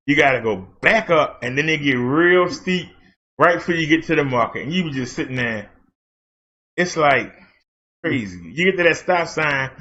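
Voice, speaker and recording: A man's voice: a little high, a bit bright. A man, hosting his channel and telling a rambling, folksy story in casual chat, full of fillers. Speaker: channel host. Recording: dull lo-fi sound.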